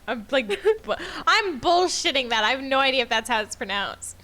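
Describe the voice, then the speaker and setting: Giggly young woman, high and bright. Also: animated, normal speed. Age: young adult. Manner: giggly, teasing. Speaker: streamer. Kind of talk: casual game stream banter.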